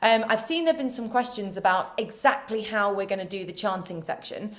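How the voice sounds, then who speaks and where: A woman leading an online choir warm-up, giving voice exercises with playful, self-mocking asides. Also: mid-range voice, brisk. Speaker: choir vocal coach. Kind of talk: online vocal warm-up instruction.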